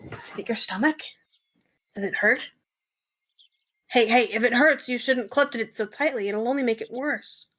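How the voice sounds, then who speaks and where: A woman's voice: fairly high pitch, normal speed, long pauses, fairly bright tone. A woman voicing an anxious male kidnapper in close to her own voice, fretful and hesitant. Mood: worried. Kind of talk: reading a visual novel aloud with voices.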